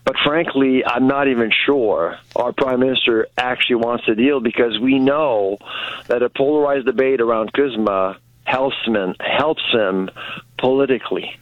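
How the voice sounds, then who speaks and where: A man's voice: medium pitch, moderate pace, no echo. A man from Canada, a guest commentator on a radio talk show, speaking frankly and emphatically with many fillers. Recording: dull dry radio audio.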